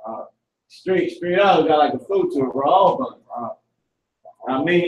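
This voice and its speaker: A man's voice: a little high, expressive. Slangy man teaching in an echoey room. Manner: casual slangy teaching, repeats words slowly. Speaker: language teacher. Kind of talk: live online class. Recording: echoey room, far from the mic.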